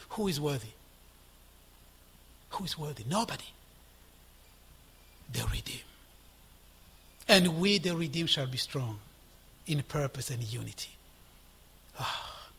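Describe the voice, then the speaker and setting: A male preacher delivers a sermon in a high, husky voice. He swings between ringing exhortation and hushed, whispered asides. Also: expressive, unhurried, long pauses.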